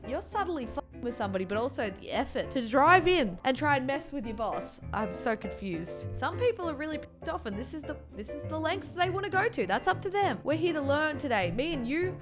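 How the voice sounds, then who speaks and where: A woman hosting a comedic online video, reading posts aloud and reacting with animated, swearing commentary. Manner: animated, swears freely, jumpy pitch, frequent laughs. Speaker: YouTube host.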